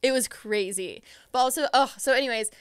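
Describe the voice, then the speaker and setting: A young woman guest on a podcast, telling an excited story in casual chat, full of fillers and acted-out quotes. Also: on the high side, fairly quick, clear, resonant tone, no room sound, clean studio sound.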